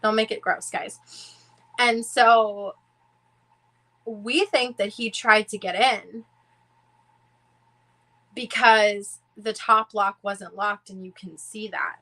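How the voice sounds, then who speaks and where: A woman's voice: mid-range voice, fairly even intonation, takes it slowly, long pauses, sharp tone, low-quality recording. A woman in her twenties chatting casually on a livestream, rambling and restarting her sentences as she talks. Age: 20s. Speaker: diamond painting livestream host.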